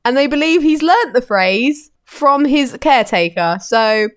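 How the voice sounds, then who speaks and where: A woman's voice: high-pitched, animated, unhurried, clear, resonant tone. A woman co-hosting a casual podcast, chatty and giggly as she reads out odd news stories. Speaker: podcast co-host.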